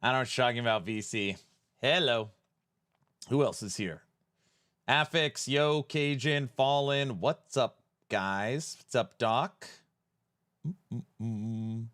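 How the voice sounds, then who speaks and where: A man's voice: medium pitch, measured pace, a bit bright, no echo, studio quality. A man hosting a live stream in a playful, jokey way, greeting viewers by name as he reads the chat.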